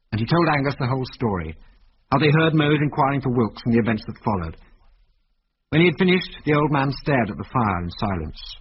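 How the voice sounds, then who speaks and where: A man tells an adventure story in a measured, vivid way. His pitch rises and falls lively. The sound is dull and lo-fi, with a faint hiss like an old radio recording. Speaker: narrator. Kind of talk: dramatic reading of an adventure story.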